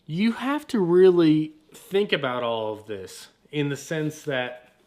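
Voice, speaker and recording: Dude hosting a pep-talk podcast, kinda high voice, slangy and pumped. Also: male voice, takes it slowly. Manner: energetic, slangy, repeats himself. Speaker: podcast host.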